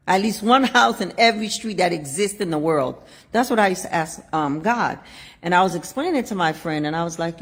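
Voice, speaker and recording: Animated Haitian woman telling a story. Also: lowish voice, brisk, husky. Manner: animated, laughing, swings from loud to hushed. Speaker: show host. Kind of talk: casual storytelling chat.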